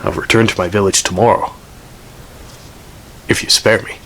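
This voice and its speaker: A man voicing a calm, clever young male hunter who speaks plainly and steadily. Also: lowish voice, moderate pace, slight background noise, natural voice. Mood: steady.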